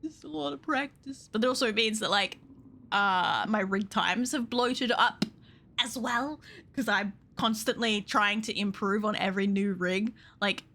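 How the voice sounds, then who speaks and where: A young woman streaming casually, excitable and laughing often, swearing freely as she chats with viewers. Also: medium pitch, unhurried. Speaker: VTuber streamer. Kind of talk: casual live-stream chat.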